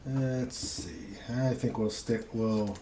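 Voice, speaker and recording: A man's voice: on the low side, steady tone, takes it slowly, mellow. A man hosting a casual podcast, reading out chat comments, laughing often and trailing off into mumbles. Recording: roomy echo with faint noise.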